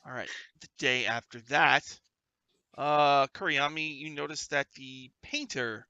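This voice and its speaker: A man narrating a tabletop game as game master, animated and getting loud when he puts on character lines. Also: medium pitch, measured pace, clean tone, no room sound, lo-fi sound.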